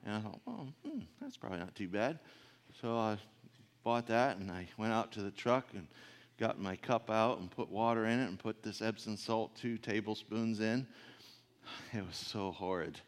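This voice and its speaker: A man preaching a sermon in a folksy, conversational way, swelling louder on his key points and often clearing his throat. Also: on the low side, steady tone, normal speed.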